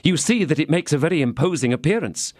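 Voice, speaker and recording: A woman's voice: sits low, lively intonation, quick pace, darkish tone, dry recording, clean studio sound, voice pushed up. A man voicing an anxious, loyal young woman in a storybook reading, speaking with pleading urgency. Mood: earnest.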